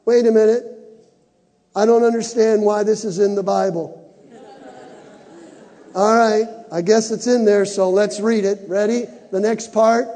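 A man preaching from the pulpit with a very high, mellow voice. He builds his lines to shouts and has the congregation repeat them back. His words ring through the long reverb of a big church hall. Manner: preaching with rising shouts and call-and-response. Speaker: pastor. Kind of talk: sermon. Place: church sanctuary.

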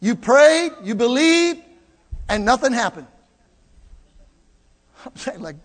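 A man preaching a sermon to his congregation, animated, swinging between loud and hushed, with jokey asides. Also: extremely high pitch, slow pace, pauses often. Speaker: pastor. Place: church. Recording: long hall reverb.

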